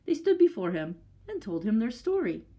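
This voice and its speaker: Expressive woman reading a children's story. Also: a little high, normal speed, low-quality recording. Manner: expressive storytelling with chatty asides. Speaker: librarian leading story time. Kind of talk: reading a picture book aloud to children.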